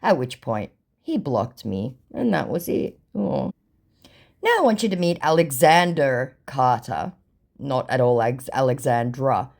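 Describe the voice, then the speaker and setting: A woman's voice: rumbling low, a little slow, creaky. A woman vlogger wryly reading old scam chats aloud in a casual, sarcastic storytelling style. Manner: wry, mocking, animated when quoting.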